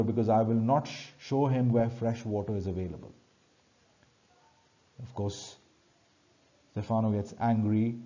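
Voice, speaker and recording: Slow, very dark-voiced male teacher. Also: fairly low pitch, dull audio. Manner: reads lines aloud, then paraphrases them plainly. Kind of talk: classroom lecture explaining a play.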